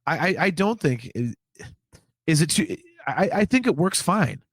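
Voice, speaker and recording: A man's voice: fairly high pitch, big pitch swings, unhurried, dry recording, studio quality. A man co-hosting a podcast, talking in casual chat, rambling and repeating his words as he argues a point. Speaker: podcast co-host.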